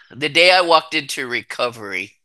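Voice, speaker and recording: Man in recovery telling his story, bright-edged voice, blunt and swearing, drops from fierce to hushed. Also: mid-range voice, expressive, normal speed. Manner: raw, blunt and heavily profane, swinging from intense to hushed. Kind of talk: personal recovery testimony.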